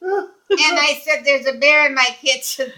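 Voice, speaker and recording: An older woman telling a lively personal story, laughing often and acting out the people in it. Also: sits high, unhurried, poor audio. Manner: acts out quoted dialogue. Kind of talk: casual anecdote.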